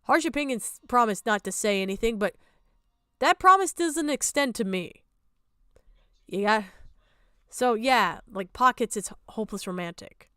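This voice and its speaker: High-voiced woman ranting, exasperated. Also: expressive, a little slow, long pauses, sharp tone, smooth, dry recording, clean studio sound. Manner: exasperated, profane and sarcastic. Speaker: streamer. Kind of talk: ranting reaction commentary.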